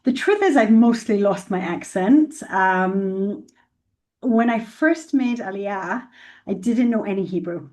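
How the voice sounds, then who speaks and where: A woman from Scotland answering interview questions as a guest, relaxed and conversational, with frequent fillers. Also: mid-range voice, takes it slowly, recorded from a distance. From Glasgow, Scotland. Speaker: guest, financial planner.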